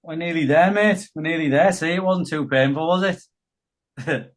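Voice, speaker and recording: A man's voice: a little high, unhurried. A man, hosting a casual podcast chat and putting "would you rather" questions to his guest. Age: 30s. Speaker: podcast host.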